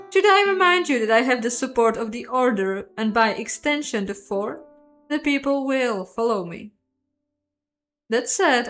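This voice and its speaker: A woman plays a poised young empress, her voice lifted high above ordinary speech, formal and measured as she argues her case. Clear guitar music runs behind her in this narrated game. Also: natural voice.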